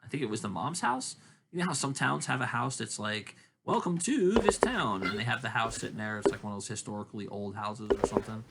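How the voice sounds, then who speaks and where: A man's voice: on the low side, quick pace, gravelly. A man co-hosting a casual chat podcast, rambling through profane stories. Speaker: podcast co-host. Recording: steady background noise.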